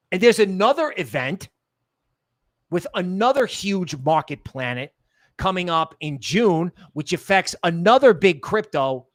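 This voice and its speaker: A man hosts a casual livestream in a slightly high voice. He rambles and jokes, often sinking into quiet low asides. The sound is close and dry. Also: no echo. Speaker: crypto livestream host.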